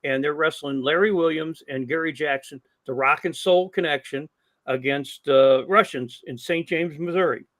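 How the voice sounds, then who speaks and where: Older man spinning lively stories. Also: on the high side, normal speed. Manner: animated storyteller who acts out quoted dialogue. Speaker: guest, longtime wrestling promoter and ring announcer. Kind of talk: casual podcast storytelling.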